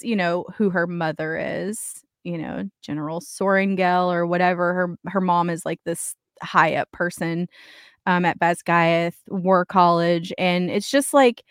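A woman co-hosting a podcast in casual book chat, animated and acting out characters' lines. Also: lowish voice, measured pace, clear, resonant tone, dry recording, studio quality. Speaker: podcast co-host.

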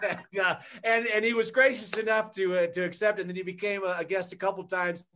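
A man hosting a comedy show, introducing a guest in a halting way with many fillers. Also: high voice, little pitch movement, pushed and bright. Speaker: show host. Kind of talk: casual introduction.

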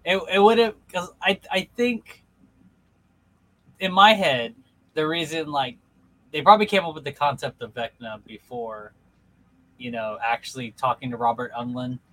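A man's voice: medium pitch, unhurried, long pauses, bright, forceful tone, rough recording. A young man co-hosting a casual chat, rambling with many fillers and restarts. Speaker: podcast co-host.

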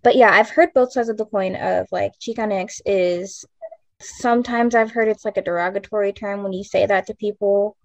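Creaky-voiced young woman on a call. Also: mid-range voice, steady tone, moderate pace, darkish tone, no echo. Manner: hesitant, filler-heavy. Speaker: podcast guest. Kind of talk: casual discussion. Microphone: video call. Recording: dull lo-fi call audio.

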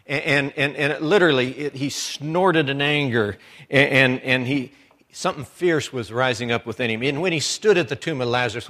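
A man's voice: medium pitch, a little fast, a bit bright. A man preaching a sermon with fervor, restarting phrases and breaking into exclamations. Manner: fervent, with repeated restarts and exclamations.

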